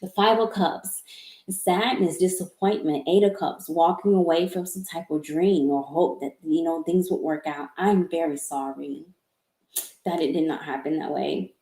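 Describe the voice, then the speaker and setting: Woman doing a live tarot reading, kinda low mellow voice, stammers and repeats herself, emotional and sorry, roomy echo. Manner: halting, stammering and repeating words; apologetic and emotional. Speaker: tarot reader. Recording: echoey room.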